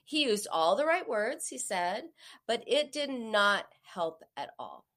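A woman's voice: a little high, sing-song, takes it slowly, fairly bright tone. A woman giving a coaching talk to an audience, acting out the quoted voices. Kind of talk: motivational talk on binge eating.

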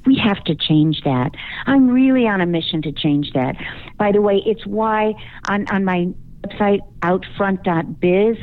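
A woman's voice: medium pitch, unhurried. A woman from Chicago, a guest speaking coach in a radio interview, giving confident, emphatic advice. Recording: phone-line call.

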